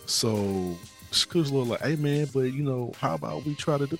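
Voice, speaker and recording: A man's voice: mid-range voice, lively intonation, moderate pace, darkish tone, soft background music. A man co-hosting a podcast, casually retelling a game's story in slangy talk and acting out the characters' lines. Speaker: podcast co-host.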